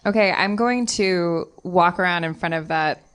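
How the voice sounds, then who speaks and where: A woman playing a tabletop game, talking in a hesitant, halting way. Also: fairly low pitch, clean tone. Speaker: player.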